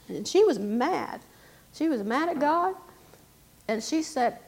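A woman preaches her testimony in a very high voice. She builds fervently and punctuates her story with amens and hallelujahs. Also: expressive, takes it slowly, vocal fry, long pauses. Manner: fervent, rising to shouted praise, interjecting amen and hallelujah. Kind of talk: sermon testimony.

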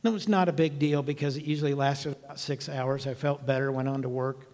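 A man's voice: medium pitch, steady tone, brisk, a little mellow, big-room sound. A man in his sixties preaching a sermon, telling a personal testimony in an earnest, emphatic storytelling way. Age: 60s. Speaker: evangelist.

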